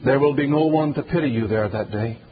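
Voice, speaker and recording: A man preaching a fiery sermon, swinging between loud drawn-out declarations and hushed, low pleading. Dull, lo-fi recording with faint background hiss.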